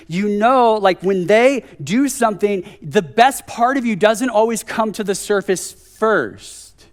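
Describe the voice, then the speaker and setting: A man in his thirties preaching a conversational sermon at a church service, telling a story with joking asides. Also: high-pitched.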